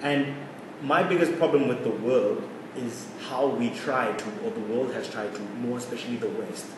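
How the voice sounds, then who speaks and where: Co-host in his twenties from South Africa, opinionated and animated, recorded from far off in an echoey room with background noise. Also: mid-range voice, normal speed. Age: 20s. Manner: opinionated, animated, laughs often. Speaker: podcast co-host. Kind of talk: casual chat.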